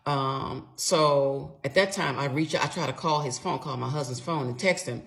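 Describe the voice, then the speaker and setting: A woman's voice: deep voice, moderate pace, gravelly. Woman animatedly retelling a betrayal. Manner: animated, acts out both sides of an argument. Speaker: woman telling her own story in a played clip. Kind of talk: emotional personal storytelling.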